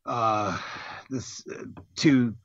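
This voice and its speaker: A man's voice: medium pitch, extremely slow, dry recording, lo-fi sound. A middle-aged man, a Marine veteran guest, telling rambling, profane stories in casual chat.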